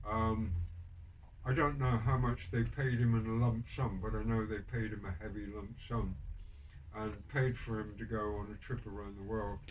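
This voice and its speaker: Heard through a distant mic with background noise, an older man appears as a podcast guest recounting prison stories in a casual interview. His fairly low voice is flat and moderately paced, and he rambles, full of ums and restarts, with a dry, wry humor.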